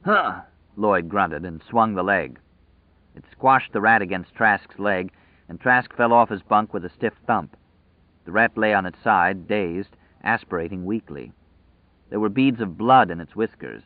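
Male audiobook narrator, lowish voice, measured and dramatic, dry tinny phone-quality sound. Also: dry recording.

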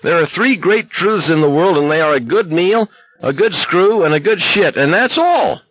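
A male reader voicing a bitter young man who croaks and blares crude rants in a shrill voice. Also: sing-song, moderate pace, dry recording, muffled recording. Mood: shrill ranting. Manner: harsh, blaring, crude.

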